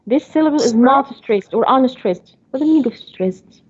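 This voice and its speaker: A woman with a Saudi Arabic accent teaches English on a video call, explaining step by step. Her voice sits a little high, with a mellow, husky tone. The call audio is muffled. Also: lively intonation, moderate pace. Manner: patient, explains step by step, says okay often. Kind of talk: online class lecture.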